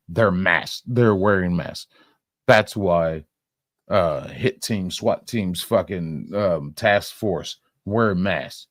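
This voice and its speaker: Slow, angry, swearing man. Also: sits low, no echo, studio quality. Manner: angry, heated, swearing constantly. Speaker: commentator reacting to clips. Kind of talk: profane reaction rant.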